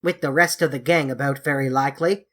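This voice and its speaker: A woman voicing a gruff, stubborn male manservant who speaks in a country dialect and drops his g's. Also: rumbling low, fairly even intonation, a little fast.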